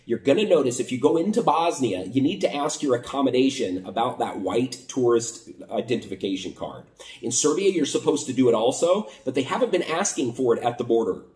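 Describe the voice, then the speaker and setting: A man's voice: medium pitch, a little mellow, reverberant, distant mic. A man from the United States casually retelling a border crossing story, acting out both sides of the conversation. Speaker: vlogger.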